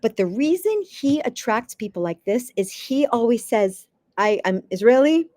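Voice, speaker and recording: A fairly high-voiced woman speaks as an interview guest, coaching founders with emphatic, lively delivery. She punches key words and sometimes trips over quick restarts. The sound is dry and close, with almost no room. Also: dry recording. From United States East Coast. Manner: emphatic, lively, acts out quotes, occasional stammered restarts. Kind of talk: advice-giving interview conversation.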